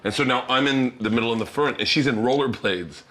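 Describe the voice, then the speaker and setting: A middle-aged man hosting a casual chat, telling animated stories and acting out the people in them. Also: mid-range voice, a little fast. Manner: animated anecdotes, acting out quoted people, laughing often. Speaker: host.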